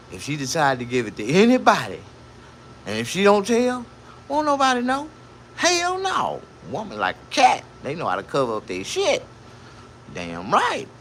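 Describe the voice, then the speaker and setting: A male comedian telling crude, boastful stories full of profanity, often jumping into a much higher voice. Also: a little hiss or hum. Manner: animated, with sudden jumps to a high voice.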